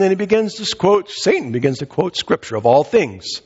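A man's voice: high voice, lively intonation, moderate pace, few pauses, darkish tone, slightly rough. A man preaching a sermon in a conversational way, asking rhetorical questions and voicing the people he quotes. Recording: dull lo-fi recording in a reverberant hall.

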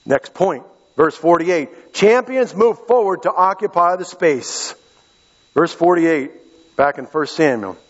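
A man's voice: a little high, expressive, slow pace, slightly rough. A middle-aged man from western Pennsylvania preaching a sermon as pastor, impassioned and repeating key phrases. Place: church sanctuary. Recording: echoey hall, dull lo-fi sound.

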